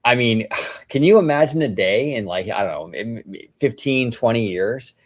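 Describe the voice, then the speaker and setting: A man co-hosting a casual livestream podcast, talking in an enthusiastic, animated way. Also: medium pitch, normal speed. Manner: enthusiastic, animated, laughs often. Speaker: podcast co-host.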